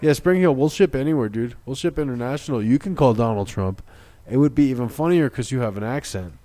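A man hosting a radio show, loud and excitable, giving bossy instructions to a caller. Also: mid-range voice, a little fast, dry recording. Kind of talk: casual radio banter.

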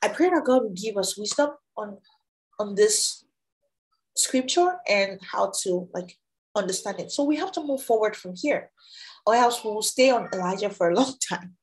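A woman teaching a Bible study, reading scripture aloud and explaining it in a loose, halting, conversational way. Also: medium pitch, expressive, rough recording.

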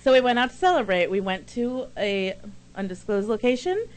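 A woman's voice: mid-range voice, very animated, a little fast. A woman co-hosting a casual chat show and telling stories in a chatty, emphatic way. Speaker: co-host.

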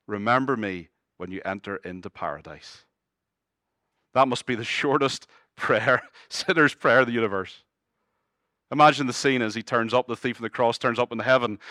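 A man's voice: mid-range voice, sharp tone, dry recording, clean studio sound. A middle-aged man preaching a sermon earnestly, with humorous asides. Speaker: pastor.

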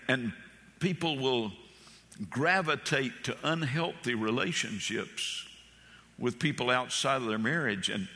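A man's voice: medium pitch, bright, forceful tone, long reverb tail. A male pastor preaching a sermon with passion, repeating phrases and telling folksy stories.

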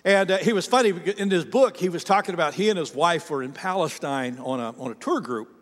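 A man with a noticeably high voice delivers a sermon in an easy, conversational, storytelling manner. He circles back and restarts his phrases often, and the long reverb of a large hall trails after every line. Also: expressive, fairly quick. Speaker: pastor.

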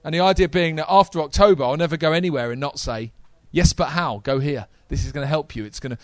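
Guy preaching to a crowd, high voice, dry close sound, all fired up. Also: fast talker, no echo. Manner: energetic, talks to the audience. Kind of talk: sermon.

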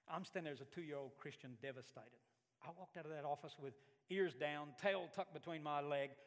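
With a slightly high voice at a moderate pace, a pastor from Alabama preaches and spins stories, animatedly acting out voices. The sound carries the feel of a large room.

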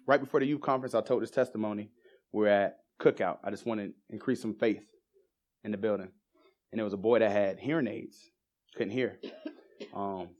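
A man preaching in church, telling testimonies in a storytelling way that builds into excited emphasis. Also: fairly low pitch. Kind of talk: sermon testimony.

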